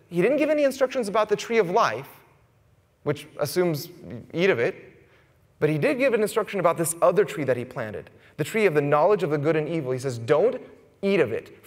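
A man's voice: a little high, long reverb tail. A man in his thirties preaching a conversational sermon, often turning to the congregation with "right?". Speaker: pastor. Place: church sanctuary.

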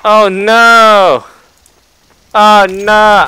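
A young man giving excitable gaming commentary, yelping and reacting to the game as he plays at his computer. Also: mid-range voice, unhurried, smooth, no echo. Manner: excitable, yelps and laughs at the game. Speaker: gameplay youtuber. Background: gunfire from the game.

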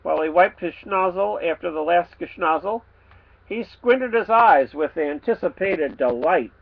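A man, the author, reading his children's storybook aloud with playful, expressive delivery. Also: high-pitched, unhurried, creaky, highs cut off.

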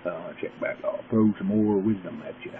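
Low, drawling man vlogging. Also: normal speed. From West Virginia. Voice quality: drawling, gurgly voice. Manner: folksy, meandering, opinionated. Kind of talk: casual rambling monologue. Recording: tinny lo-fi webcam audio with faint hiss.

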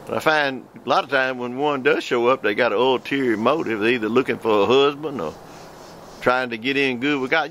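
A man preaching a video sermon outdoors in a folksy, animated way, with sudden loud outbursts. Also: mid-range voice, moderate pace, a little hiss or hum. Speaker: preacher and host. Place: outdoors by the woods near his porch.

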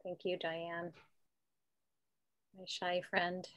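Woman author, low voice, hesitant casual talk, dry sound, video call. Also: completely flat delivery, extremely slow, fairly bright tone, dry recording. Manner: hesitant, many "you know" fillers and restarts. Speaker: author and guest. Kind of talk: casual conversation at an online book event.

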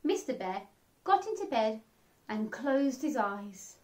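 A woman reading a children's picture book aloud, animated and expressive, acting out the sound effects. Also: a little high, slow. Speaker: children's storyteller.

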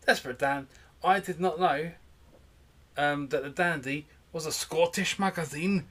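A man's voice: on the high side, unhurried, a bit bright. A tipsy man co-hosting a podcast, throwing in jokey, silly asides. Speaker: podcast co-host. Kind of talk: casual boozy banter.

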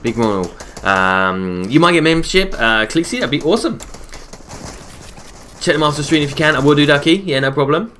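A man streaming a game live, chatting casually, reading viewers' messages aloud and answering them between quick calls about the play. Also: on the high side, a little hiss or hum. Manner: relaxed, chatty, repeats his own phrases. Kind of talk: casual live-stream commentary while gaming.

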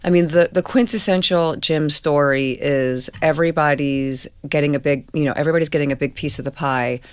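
A woman from Queens with a New York accent, speaking as an interview guest in a candid, storytelling way with a deep, slightly gravelly voice. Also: steady tone, a little fast, no echo. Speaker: guest actress. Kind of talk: casual interview chat.

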